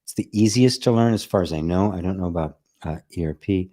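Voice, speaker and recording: A man speaking in a relaxed, conversational way, with a fairly low voice and a mellow, warm tone. He laughs easily and keeps asking "right?" as he gives a casual spiritual talk and answers viewer comments. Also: fast. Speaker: spiritual teacher and host.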